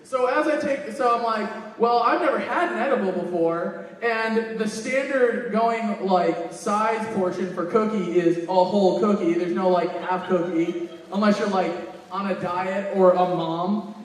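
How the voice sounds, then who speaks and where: High-voiced man doing stand-up in echoey hall. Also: measured pace. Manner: profane storytelling, acting out quoted lines. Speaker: stand-up comedian. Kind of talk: stand-up comedy. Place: convention panel room. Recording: echoey hall, mic from far off.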